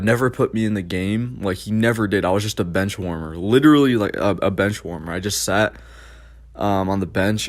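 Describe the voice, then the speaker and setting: A young man with a lowish voice rambles through a casual storytime for his vlog. He leans on constant fillers and curses freely, drifting from point to point. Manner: rambling, filler-heavy, profane. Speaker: vlogger.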